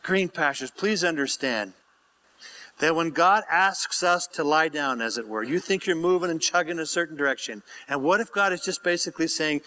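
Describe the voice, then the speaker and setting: Animated pastor guy, high bright voice, keeps asking the crowd to fill in the answer. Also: normal speed. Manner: animated, prompts congregation to answer; reads scripture aloud with asides. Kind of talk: sermon.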